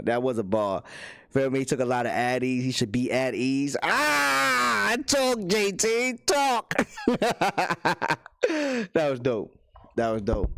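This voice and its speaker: A man's voice: medium pitch, no echo, clean studio sound. A man hosting a casual livestream, talking loosely in slang and laughing often as he reacts to his chat. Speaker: livestream host.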